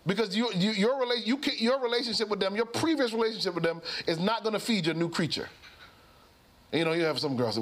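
A man with a high-pitched voice tells a story in a lively sermon style. He speaks as a pastor and physician, and he acts out the voices of the people in his story. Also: fast talker.

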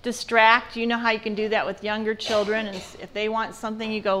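A woman's voice: on the high side, fairly even intonation, moderate pace, sharp tone. Conversational woman teaching parents. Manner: conversational, asks the audience questions. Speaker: parenting class speaker. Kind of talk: church parenting seminar talk.

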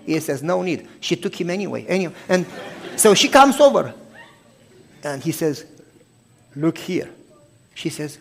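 Guy preaching with a story, bit high voice, acts out every line, goes soft and hushed at times. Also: fairly quick. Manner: animated storytelling, acting out both sides of the talk; drops to a hushed, soft voice for tender moments. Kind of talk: sermon storytelling.

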